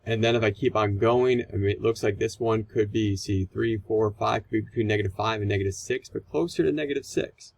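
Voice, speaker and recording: A man's voice: on the low side, brisk, gravelly, hardly any pauses, a little hiss or hum, poor audio. A man teaching a recorded math lesson, explaining calculator steps in a casual, conversational way.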